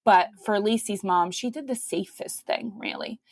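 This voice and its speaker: A woman who is a guest on a podcast, telling her story in a conversational way and acting out the quoted voices with big jumps in pitch. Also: moderate pace, gravelly, no echo. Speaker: podcast guest, mother of five.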